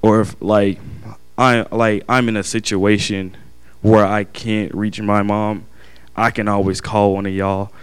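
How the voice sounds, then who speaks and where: A young man giving an earnest, halting personal testimony to his family and church, often restarting his sentences. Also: on the low side, level tone, clean tone.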